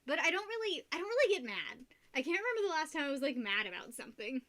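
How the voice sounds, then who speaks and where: Chatty young woman streamer, higher voice. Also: fast. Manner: chatty, laughs often, rambling; gets loud when excited. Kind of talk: casual chat while painting.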